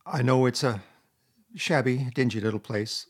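A man voicing a timid, tearful male mole who talks in broken sobs, with a husky voice. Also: mid-range voice, moderate pace, natural voice. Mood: grief-stricken. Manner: sobbing, broken pleading.

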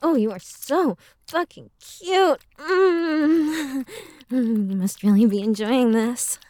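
A young woman playing a teasing, bossy roommate, speaking in a hushed, playful way with frequent soft laughs in an intimate audio role-play. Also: sits high, slow, no echo.

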